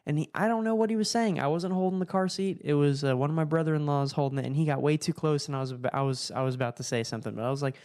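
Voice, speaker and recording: A young man talks through a loose comedic podcast monologue, jumping from one thought to the next and cursing along the way. His voice is mellow and relaxed, and he keeps cutting himself off mid-sentence. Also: fairly high pitch, rapid-fire, few pauses. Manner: rambling, profane, self-interrupting, laughing at his own jokes. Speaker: podcast host.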